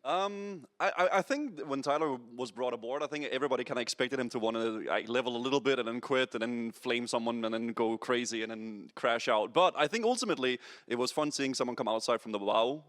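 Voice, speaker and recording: A man's voice: mid-range voice, fast, few pauses, fairly bright tone. Man, panel guest, rambling, stammers, mid voice, convention stage. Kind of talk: casual panel chat.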